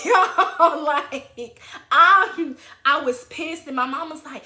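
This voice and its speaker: A young woman vlogger telling an animated, heated story. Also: sits high, moderate pace. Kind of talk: storytime vlog. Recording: roomy echo.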